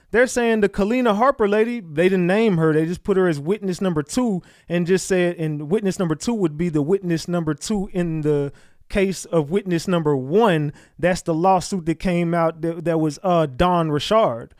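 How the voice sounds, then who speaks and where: A man's voice: sits high, measured pace, a little mellow, dry recording. Talkative man hosting a livestream. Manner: talkative, asks viewers rhetorical questions. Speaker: livestream host. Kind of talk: casual livestream commentary.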